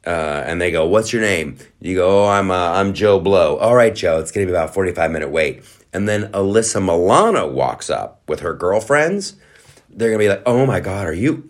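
A middle-aged man hosting a podcast, talking casually with sarcastic, mocking asides. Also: deep voice. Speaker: podcast host. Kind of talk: casual monologue.

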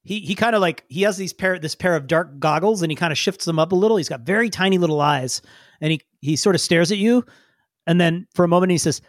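High-voiced man running a tabletop game. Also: fast talker, dry recording, clean studio sound. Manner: rambling, searching for words. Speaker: game master.

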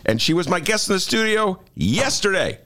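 Playful, animated male radio host. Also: sits high, moderate pace, slight background noise. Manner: joking, self-mocking, playful. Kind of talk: comic radio talk. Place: radio studio.

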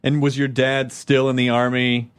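A man's voice: medium pitch, little pitch movement, smooth. A man hosting a casual chat, asking questions and making jokes. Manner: joking, quick questions. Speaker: host.

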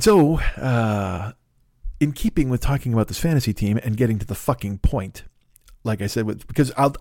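A man's voice: mid-range voice, a little mellow, no room sound, studio quality. Profane rambling man in his fifties. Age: 50s. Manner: rambling, profane, self-mocking comic storytelling. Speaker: podcast host. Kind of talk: casual solo podcast monologue.

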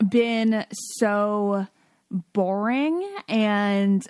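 A woman's voice: mid-range voice, extremely slow, darkish tone, smooth, no room sound. A woman co-hosting a podcast, chatting casually and poking fun at herself. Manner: chatty, self-deprecating. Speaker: podcast co-host. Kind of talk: casual chat.

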